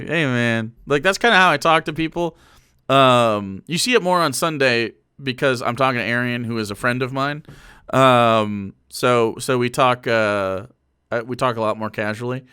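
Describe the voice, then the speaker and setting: A man streaming casual commentary into a microphone, loose and profane, swinging between muttered asides and loud rants. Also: mid-range voice, clean tone.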